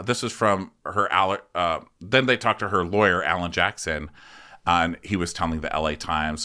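A man's voice: deep voice, fairly even intonation, moderate pace, bright, forceful tone, clean tone. A man hosting a podcast, rambling through a comedic recap and laughing often. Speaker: podcast host.

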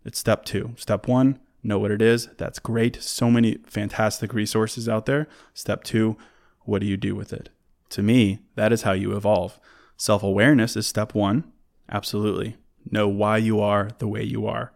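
A man's voice: lowish voice, flat delivery, normal speed, vocal fry, darkish tone. A man hosting a solo relationship advice talk, conversational and earnest, who repeats words as he restarts and works through a list of points.

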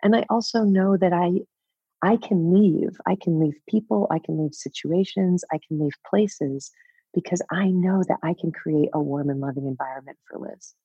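A woman in her fifties, a podcast guest telling a personal story candidly, with a breathy voice, laughing often and swearing casually. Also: lowish voice, normal speed, warm tone, no echo. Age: 50s. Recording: dull, dry podcast audio.

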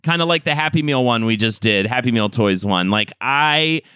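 Man, podcast co-host, rambling jokes, bright, dry close mic. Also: mid-range voice, normal speed, smooth, no echo. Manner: animated, rambling, joking. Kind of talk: casual comedic chat.

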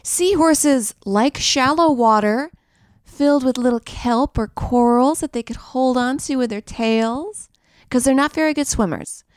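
A woman's voice: sits high, a little slow, clean tone, no room sound, clean studio sound. Crude, rambling young woman comedian. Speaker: podcast host. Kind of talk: comedic monologue.

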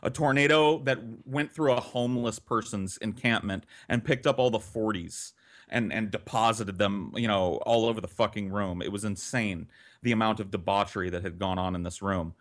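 A man telling a wild story on a podcast, casual, profane and vivid, with an animated delivery. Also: on the low side, moderate pace.

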